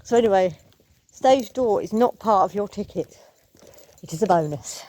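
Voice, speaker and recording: A woman's voice: medium pitch, expressive, normal speed, darkish tone. A woman telling a rambling, opinionated story as a theatre fan vlogger. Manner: chatty, opinionated, rambling with asides. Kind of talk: casual storytelling vlog.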